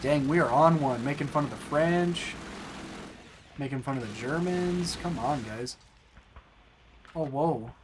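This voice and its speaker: A man's voice: fairly high pitch, measured pace, long pauses, noisy background. A young man hosting a casual let's play, chatting and joking with viewers, with bursts of frustration. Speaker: gaming channel host.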